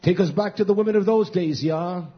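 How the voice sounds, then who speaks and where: A middle-aged man preaching a fiery sermon, scolding, dropping to low mutters and whispers, then rising into loud outbursts. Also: brisk. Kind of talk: fiery street-style sermon. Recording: muffled lo-fi recording.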